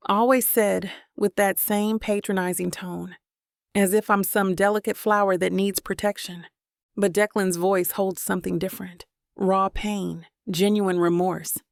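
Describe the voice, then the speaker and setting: A woman narrating a first-person romance audiobook in a calm, even storytelling manner. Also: lowish voice, vocal fry, no room sound, clean studio sound.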